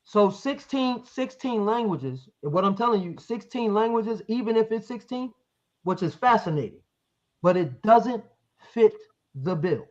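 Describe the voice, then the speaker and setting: High-voiced man pressing his point, lo-fi. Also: expressive, unhurried. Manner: presses his point, asks leading questions, reads verses aloud. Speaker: debater. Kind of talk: heated debate over a live stream.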